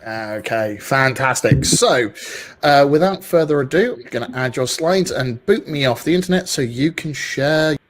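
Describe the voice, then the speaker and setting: A man's voice: mid-range voice, animated, normal speed. Jokey man hosting an online meetup. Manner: jokey, hesitant. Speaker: meetup host. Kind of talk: live event hosting.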